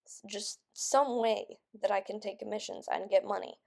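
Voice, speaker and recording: A woman's voice: mid-range voice, steady tone, normal speed, vocal fry, darkish tone. A young woman venting in a rambling vlog, frustrated and stressed, sounding close to tears and just woken up. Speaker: vlogger.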